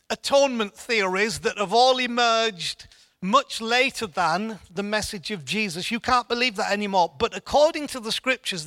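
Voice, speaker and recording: A man's voice: high-pitched, sharp tone, no room sound. A man giving an informal church Bible teaching in an earnest way, often repeating words as he restarts.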